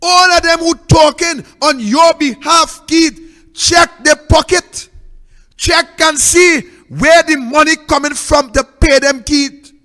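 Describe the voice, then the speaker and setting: A high, bright-voiced man with a Trinidadian accent pleads over and over in a slow, sing-song preaching cadence. His political commentary echoes with a long, hall-like reverb. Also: steady tone. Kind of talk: impassioned political plea.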